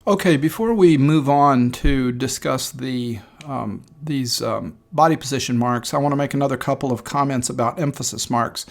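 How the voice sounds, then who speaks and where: A man teaching a screen-recorded lesson, explaining step by step in a measured way with frequent ums and uhs. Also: medium pitch, gravelly. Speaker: instructor.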